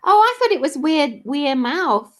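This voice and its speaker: A woman teases a friend in casual chat on a video call. Her voice is high and her pace is slow and drawn out. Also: big pitch swings.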